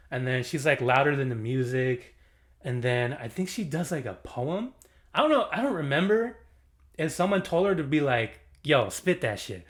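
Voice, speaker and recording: A man giving a casual movie review, animated and slangy, laughing often as he talks. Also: medium pitch.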